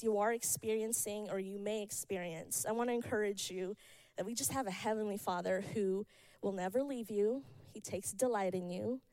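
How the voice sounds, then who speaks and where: A woman's voice: medium pitch, dark tone, dry recording, poor audio. A woman giving a heartfelt personal testimony at church, earnest and encouraging.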